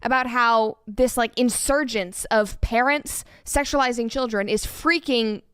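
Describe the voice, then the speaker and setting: A woman argues her case in a commentary video, earnest and emphatic. Her voice sits high and sounds smooth and clear. The recording is dry, close and without room echo. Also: unhurried. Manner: earnest, emphatic, steady argument. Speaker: political commentator.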